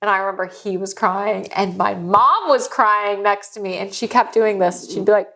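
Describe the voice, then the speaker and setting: A woman's voice: medium pitch, moderate pace, a bit bright. A woman co-hosting a podcast, telling stories in casual chat, candid and profane, often laughing as she talks. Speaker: podcast co-host.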